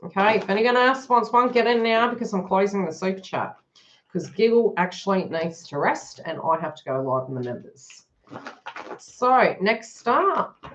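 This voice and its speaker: A woman's voice: medium pitch, animated, normal speed, dull audio. A woman giving a live card reading to her viewers, talking frankly and joking as she goes. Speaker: tarot reader.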